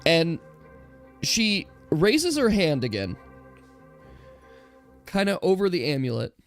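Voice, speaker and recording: A game master narrating a tabletop role-playing game in slow, drawn-out descriptions that sometimes drop to a hush. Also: medium pitch, big pitch swings, faint music behind.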